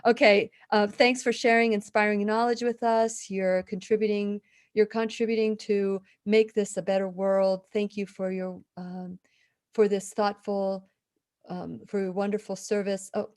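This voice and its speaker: At a medium pitch, she talks in a flat, unhurried way: a woman in her fifties with a slight lisp who hosts a faith-oriented live radio show. She tells sincere stories and reads viewer comments, frequently backing up to begin again.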